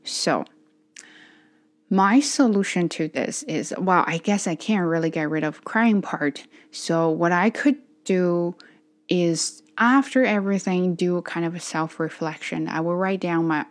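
A tired woman talking in a casual personal vlog, earnest and self-reflective, speaking in halting phrases as she practices her English. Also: fairly low pitch. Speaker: channel host practicing English.

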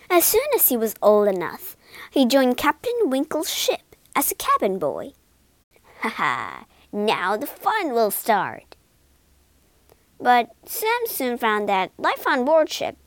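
A woman tells a storybook slowly and theatrically, slipping into whispers for suspense. Her voice is high and sings across a wide pitch range, in a close, dry recording. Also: dry recording. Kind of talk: storybook narration.

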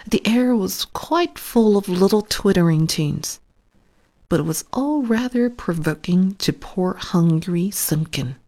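Slow whispering woman storyteller. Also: mid-range voice, expressive. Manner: soft, hushed and unhurried.

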